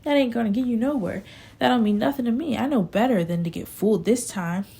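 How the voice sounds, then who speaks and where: A woman voicing a rough young rural man who talks bluntly and makes accusing demands. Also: a little high, brisk, warm tone, voice pushed up.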